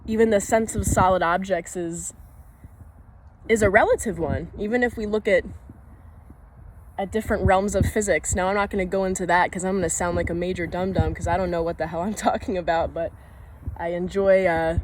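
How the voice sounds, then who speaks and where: A woman's voice: lowish voice, fairly even intonation, a little fast, a little hiss or hum, rough recording. A young woman talking to camera outdoors on a walk in the woods. She rambles from thought to thought, laughs often and swears casually. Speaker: vlogger. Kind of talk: rambling spoken musing.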